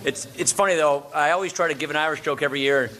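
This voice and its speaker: A man's voice: on the high side, fast, pushed and bright, slight background noise. A man from Wisconsin giving a formal lunch speech, cracking jokes and chuckling at his own punchlines. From Wisconsin, USA. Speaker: speaker at a political luncheon.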